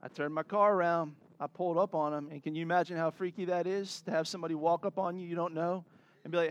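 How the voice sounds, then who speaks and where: A man delivers a sermon in an earnest, exhorting way. His voice sits fairly high for a man, and he drops into light asides with a laugh before pressing his point again. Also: fairly even intonation, quick pace, lo-fi sound. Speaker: pastor.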